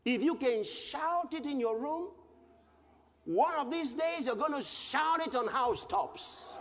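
A fervent male pastor preaching in a very high, lively voice that swoops and climbs as he repeats each phrase. He lingers slowly over his words, building to shouted peaks. His sermon rings out through a large hall with a long reverb. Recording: long hall reverb, faint background noise.

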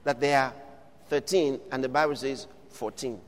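A man's voice: mid-range voice, normal speed. A man preaching a sermon, emphatic and exhorting his listeners with repeated questions. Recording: long reverb of a large hall.

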